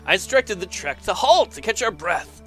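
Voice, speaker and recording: A man's voice: high voice, sing-song, moderate pace, sharp tone, soft background music. A man casually commenting on a game as he plays, exclaiming often, laughing and reading the game's text aloud. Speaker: let's player.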